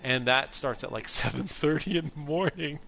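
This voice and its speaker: A man's voice: on the high side, normal speed, vocal fry, a bit bright, slight background noise. A middle-aged man streaming a video game, chatting in a rambling, casual way and laughing often. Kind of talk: casual gameplay chat.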